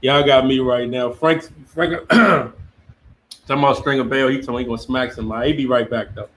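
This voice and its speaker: A man's voice: mid-range voice, steady tone, a little fast, a bit bright, slight background noise. A man hosting a podcast, asking questions and laughing along in casual chat. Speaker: podcast host.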